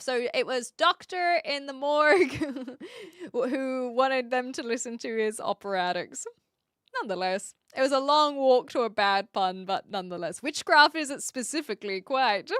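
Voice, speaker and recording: A woman streamer talking casually on a live reaction stream, quick to get exasperated and argue back at her chat. Her voice is bright, smooth and a little high. The sound is dry and close. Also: animated, no room sound.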